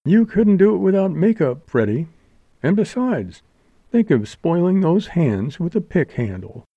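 A man's voice: high-pitched, sing-song, measured pace, dry recording, narrow, tinny audio, pitched above the performer's own voice, exaggerated voice. A man voicing a languid, wisecracking young showgirl in an audiobook, with a drawling purr. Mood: teasing. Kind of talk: audiobook character voice.

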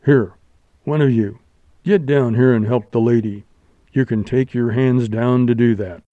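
A man voicing a menacing masked bandit in a deep, heavy voice, giving curt orders. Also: a little slow, dry recording, narrow, tinny audio, natural voice. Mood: commanding. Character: gruff masked male bandit, cool and menacing.

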